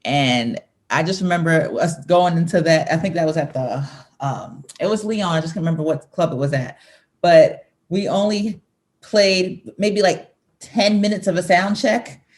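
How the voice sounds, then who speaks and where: A woman's voice: lowish voice, moderate pace, a little mellow. A woman in her thirties, a singer talking as an interview guest, reminiscing casually, laughing often and restarting her sentences.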